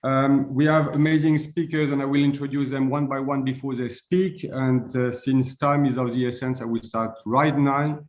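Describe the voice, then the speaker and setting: A man's voice: medium pitch, flat delivery, moderate pace, few pauses, reverberant. A man with a German accent moderating an online session and introducing a speaker, with frequent hesitations. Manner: hesitant, many fillers. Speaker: webinar moderator.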